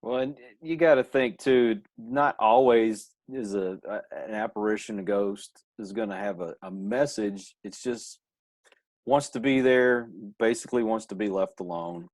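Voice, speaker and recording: A man hosting a podcast, asking questions in a slow, halting way. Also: on the low side, a little mellow, no room sound. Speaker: podcast host. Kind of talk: casual interview talk.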